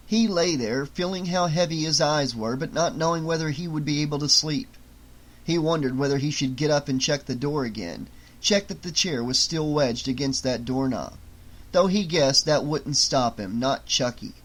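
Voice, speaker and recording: A man narrating an audiobook, with a voice a bit above the usual male range. He reads steadily and keeps the scenes moving at an even pace. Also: fairly high pitch, low-quality recording.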